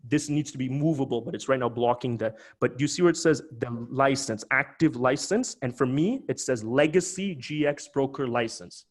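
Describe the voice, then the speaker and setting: A man hosting a live webinar, talking in an animated, emphatic way with many quick restarts. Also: mid-range voice. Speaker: webinar host.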